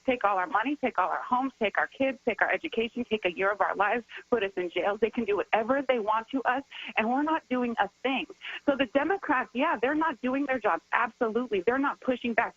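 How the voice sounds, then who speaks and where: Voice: mid-range voice, fairly bright tone, breathy edge, no room sound, dull audio. A political strategist and organizer speaking as a radio guest, impassioned and repetitive, hammering points and getting heated while sick. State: says they are sick. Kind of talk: passionate call-in radio commentary.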